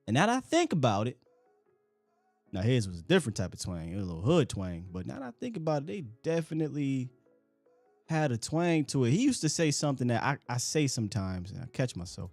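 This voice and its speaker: A man's voice: medium pitch, sing-song, brisk, a little mellow, dry recording, soft background music. A man hosting a call-in sports talk show, chatting casually in slangy, joking talk.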